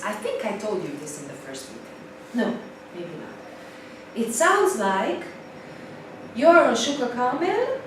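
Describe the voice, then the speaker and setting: A woman teaching an English class in a lively way, repeating key points for emphasis. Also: high-pitched. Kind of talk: live class lecture. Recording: distant mic, very echoey room, faint noise.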